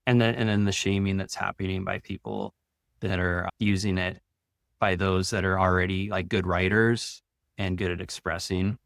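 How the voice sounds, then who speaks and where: Man, low flat voice, gravelly, soft slow meditation guide, spiritual teacher. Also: no echo, clean studio sound. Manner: slow, soft meditation guidance with long pauses; rambling, loose casual talk with many "like" fillers. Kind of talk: channeled energy update and guided meditation.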